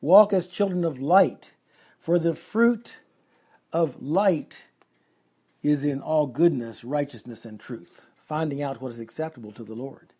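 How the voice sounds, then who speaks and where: Male preacher, slightly higher voice, warm dark tone; earnest verse-by-verse teaching. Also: a little slow, breathy edge. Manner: earnest teaching, reading scripture aloud and explaining it. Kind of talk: expository sermon.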